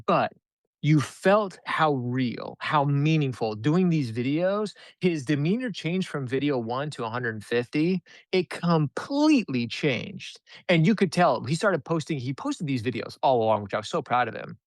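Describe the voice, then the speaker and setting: A man telling a story as a podcast guest, animated and acting out the dialogue he reports. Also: on the high side, unhurried, dry recording. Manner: animated, acts out quoted dialogue. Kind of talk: conversational storytelling.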